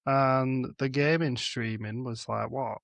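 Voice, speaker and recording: A man's voice: mid-range voice, steady tone, slow pace, vocal fry, fairly bright tone, no echo. A young man with a Northern English accent co-hosting a podcast, talking in a blunt, laid-back and sweary way. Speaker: podcast co-host and drumming streamer. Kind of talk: casual chat.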